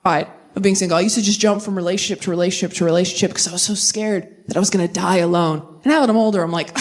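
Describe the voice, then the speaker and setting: A woman's voice: medium pitch, fast talker, hardly any pauses, background noise. A woman in her twenties performing a stand-up comedy set on stage, acting out quoted voices. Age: 20s. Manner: animated, acts out quoted voices. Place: stage before a laughing audience.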